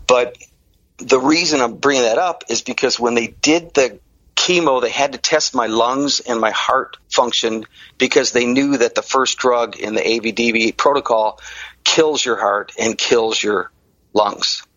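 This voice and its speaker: A middle-aged man from the Detroit area tells his own story in an interview and acts out the people he quotes. His delivery is lively and animated. The recording is dull and lo-fi, with a dry sound. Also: mid-range voice, unhurried, dry recording. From Detroit area, Michigan.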